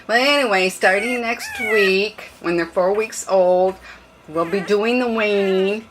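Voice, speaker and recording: An older woman breeder chatting casually and rambling about her puppies, now and then cooing to them in high baby talk. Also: takes it slowly, slight background noise. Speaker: dog breeder. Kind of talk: casual puppy update vlog.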